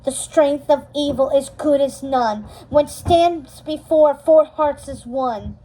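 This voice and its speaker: A woman's voice: sits high, slow, warm tone. A woman reading a storybook aloud, voicing a defiant, tearful teenage girl who speaks earnestly and rises to cries. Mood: incanting. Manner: earnest, pleading, rising to cries.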